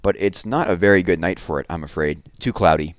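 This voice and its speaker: A man voicing a kindly adult stargazer in a storybook, patient and gently amused as he explains. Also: low-pitched, brisk, clean tone, no echo, voice pushed down, close to an everyday voice. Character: kindly grown man with a telescope.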